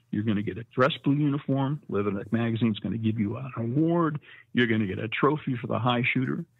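Brief: gruff drill sergeant, put on by an older man, gravelly, over a phone-thin line. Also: medium pitch, no room sound, phone-quality sound. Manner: barking orders at recruits. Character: loud, harsh male Marine drill instructor.

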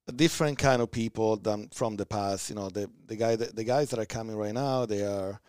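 A man's voice: lowish voice, fairly quick, darkish tone, clear, resonant tone, no room sound, studio quality. A man in his thirties with an Italian accent, chatting animatedly as a podcast guest and laughing often. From Italy. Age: 30s. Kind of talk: casual conversation.

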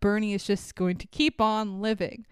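Brief: young woman co-host, smooth clear voice, slightly high, sarcastic and profane, dry close mic. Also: steady tone, moderate pace, no echo. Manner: sarcastic, swearing, laughs often. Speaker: podcast co-host. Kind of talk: casual movie recap chat.

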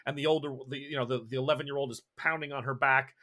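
A man's voice: mid-range voice, steady tone, fast, few pauses, sharp tone. A man narrating as game master of a tabletop horror game, describing scenes with frequent restarts.

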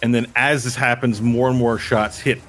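A man running a tabletop game as game master, narrating a space battle in an excited, rambling way full of fillers. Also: medium pitch, normal speed, soft background music.

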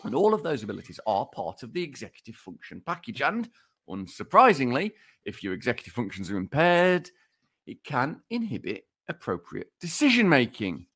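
Teasing, lively-voiced man. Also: medium pitch, moderate pace, slightly rough. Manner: teasing, mock-lecturing, laughs while talking. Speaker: podcast co-host presenting research. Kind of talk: casual podcast banter.

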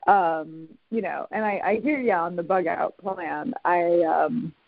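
A podcast host in casual conversation, talking haltingly with many fillers and restarts. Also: medium pitch, vocal fry, no echo. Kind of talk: casual conversation over a call. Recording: tinny phone-like line, dry.

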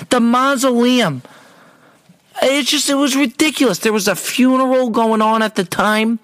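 A man's voice: very high-pitched, normal speed, fairly bright tone, no echo. A man hosting a podcast, telling a comic story in an exasperated, casual way and stumbling over repeated words. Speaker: podcast host.

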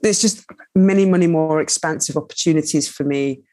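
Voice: mid-range voice, fairly quick, dry recording. A guest, speaking candidly and expressively in conversation, with lots of "like" and asides. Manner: expressive, chatty, full of "like" and asides. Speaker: guest, writer and cook.

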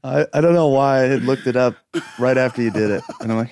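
A man's voice: medium pitch, fast talker, a little mellow, slight background noise. A man, a podcast co-host, chiming in with short replies in casual chat.

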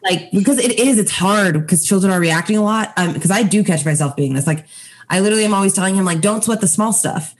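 A woman's voice: mid-range voice, quick pace. A woman in her thirties, a mother and co-host, giving advice in casual chat and laughing often. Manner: warm-hearted, advising, laughs often.

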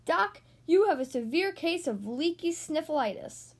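A woman's voice: sits high, animated, measured pace. A woman voicing a loyal, eager boy toy dragon, earnest and determined, in a storybook reading.

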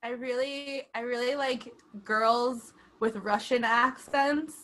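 A high-pitched woman with a bright, sharp tone chats casually. She talks with lots of fillers and breaks into giggles often. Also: steady tone, takes it slowly. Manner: giggly, frequent laughter, filler-heavy. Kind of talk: casual chat.

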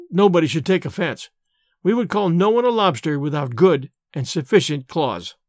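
A male narrator reads a classic story aloud with wry, theatrical flair. His voice sits high for a man and swings lively in pitch, recorded close and dry. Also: dry recording. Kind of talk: storybook reading.

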